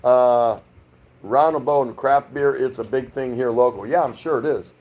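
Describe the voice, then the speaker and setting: The audio is dull as a middle-aged American livestream host, speaking at a moderate pace in a mid-range voice, reads viewer comments aloud and rambles in reply. He's streaming casually from his home in the Philippines.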